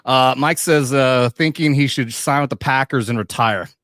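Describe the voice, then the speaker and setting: A man's voice: medium pitch, moderate pace, no room sound, studio quality. A man hosting a casual online talk show, joking and cursing freely with his co-hosts. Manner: animated, profane, jokey. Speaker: podcast host. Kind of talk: casual chat.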